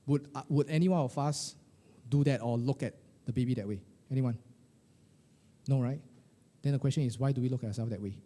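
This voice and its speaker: A middle-aged man, coaching a live group of financial advisors in a lively, colloquial way, firing questions at the room. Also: medium pitch, brisk, pauses often. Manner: animated, questioning the audience, colloquial with "lah" and "eh". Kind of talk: motivational workshop talk to a live group.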